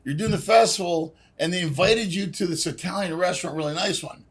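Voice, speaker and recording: A man with a high, husky voice in casual podcast chat. He tells stories animatedly, keeps the banter moving and slips into mock voices. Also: brisk. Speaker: guest comedian.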